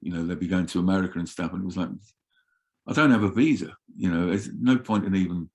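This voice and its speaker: An older man telling roadie stories in an animated, swearing way as an interview guest. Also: low voice, quick pace. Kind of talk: casual storytelling.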